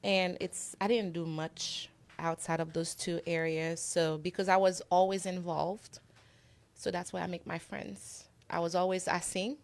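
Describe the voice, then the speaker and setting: Earnest Haitian-born woman, lowish voice. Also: flat delivery, unhurried, creaky. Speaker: guest. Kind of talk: conversational interview.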